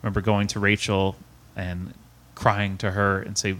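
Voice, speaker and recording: Earnest man with a lowish voice. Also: little pitch movement, normal speed, a bit bright. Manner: earnest and emotional, with frequent restarts and repeated words. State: close to tears at times. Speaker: podcast guest. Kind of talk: personal storytelling in an interview.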